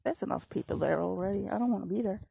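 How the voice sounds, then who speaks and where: A woman's voice: medium pitch, fast, vocal fry, dark tone, husky, no room sound. A middle-aged woman telling a rambling, sarcastic story outdoors while out of breath and coughing from allergies. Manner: sarcastic, rambling, laughs at herself. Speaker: vlogger. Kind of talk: casual storytelling while walking. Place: outdoors on a walk.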